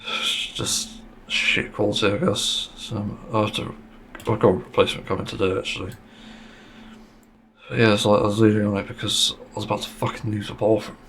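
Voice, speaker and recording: A man's voice: fairly low pitch, little pitch movement, brisk, fairly bright tone, slight background noise. A man hosting a casual solo podcast monologue, speaking bluntly and frankly, with plenty of swearing and the odd sarcastic aside. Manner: sarcastic at times. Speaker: podcast host.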